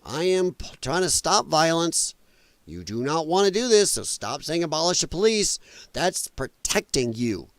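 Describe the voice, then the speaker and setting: A man hosts an opinionated commentary show in a blunt, sarcastic, mocking way, rambling between points. His pitch sits a bit high and swings widely. The sound is dry and close. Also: sing-song, moderate pace, dry recording. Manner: rambling, trails off while scrolling. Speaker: podcast host.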